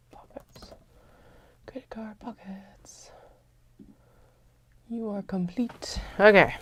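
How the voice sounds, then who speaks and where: A woman hosting a craft livestream, chatting casually and thinking aloud as she works, muttering notes to herself and sometimes dropping to soft whispers. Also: mid-range voice. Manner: chatty, laid-back, drifts into soft whispers. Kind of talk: casual talk while working.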